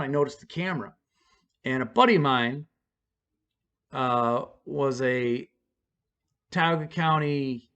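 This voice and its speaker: A man's voice: medium pitch, fairly bright tone. A man at home telling a personal story to his camera in a rambling, profane, casual way, full of fillers and restarts.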